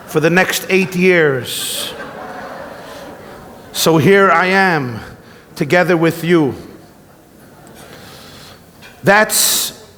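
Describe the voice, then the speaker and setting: A man, a rabbi giving a humorous keynote speech at a gala, telling stories in an animated, joking way. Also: on the high side. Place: large event hall. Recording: long reverb from a large hall.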